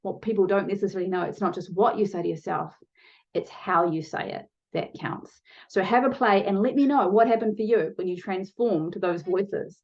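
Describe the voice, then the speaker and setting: A woman's voice: mid-range voice, moderate pace, a little mellow, dull audio. A woman coaching viewers in a motivational video lesson, talking to them directly and shifting her pace for emphasis. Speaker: online challenge coach.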